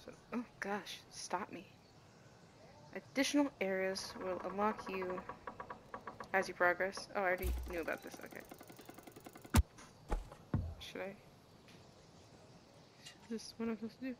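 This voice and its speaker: A woman casually commenting on a game she plays, chatty and animated with lots of slang. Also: mid-range voice, normal speed, long pauses, noisy background. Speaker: gaming streamer. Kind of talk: casual let's-play commentary.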